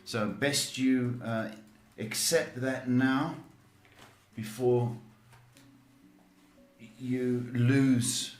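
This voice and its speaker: A man talks slowly and deliberately as he gives blunt psychic advice, teasing his callers and joking at his own expense. His voice sits at an ordinary pitch and rings in an echoey room, with faint music playing behind him. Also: fairly even intonation. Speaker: psychic tarot host. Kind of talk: live-stream advice chat.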